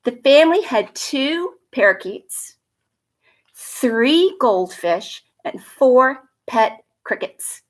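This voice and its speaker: A woman from a school reading a picture book aloud to children at home, gentle and expressive, a little nervous, chatting to the kids between pages. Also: sits high, takes it slowly. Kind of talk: storybook read-aloud for children.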